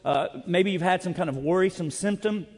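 A pastor preaches with a high voice at a fairly quick clip, shifting between stories and scripture readings. He's conversational and self-deprecating, and the long reverb reveals a large hall.

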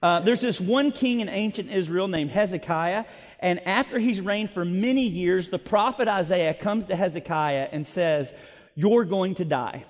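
A man's voice: sits high, normal speed. A man preaching a sermon as pastor, conversational and self-deprecating, moving between storytelling and scripture reading. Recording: long reverb of a large hall.

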